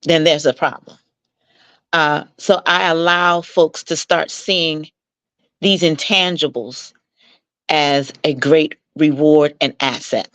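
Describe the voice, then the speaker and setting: A woman with a slightly low voice tells stories from her coaching work in a lively, persuasive way. She slips into the voices of the people she quotes as she goes. The sound is dry and close, with no room echo. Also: takes it slowly. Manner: animated, acts out quoted dialogue with jumps in pitch; warm, persuasive, mentoring tone. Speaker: marital coach, interview guest. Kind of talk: conversational storytelling.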